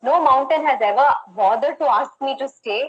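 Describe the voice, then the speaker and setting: A woman voicing a gentle wandering bird, a touch higher. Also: quick pace, dull audio, lightly acted. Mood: earnest.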